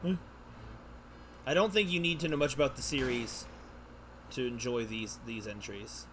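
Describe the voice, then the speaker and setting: Bright-voiced man chatting through a game. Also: mid-range voice, moderate pace, a little hiss or hum. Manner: chuckling, reactive, reads on-screen text aloud. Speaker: streamer. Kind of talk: casual gaming commentary.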